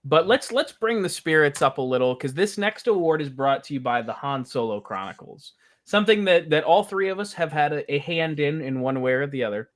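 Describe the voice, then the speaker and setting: A man's voice: fairly high pitch, lively intonation, fairly quick, fairly bright tone. A man presenting an award on a casual fan show, enthusiastic and playful. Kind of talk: casual chat.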